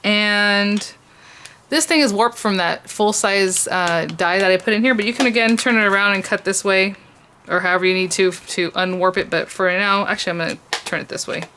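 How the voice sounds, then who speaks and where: A woman's voice: medium pitch, normal speed, pushed and bright, a little hiss or hum. Chatty woman demonstrating a craft. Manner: chatty, thinks aloud with frequent restarts and small laughs. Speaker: crafting channel host. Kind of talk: casual crafting tutorial.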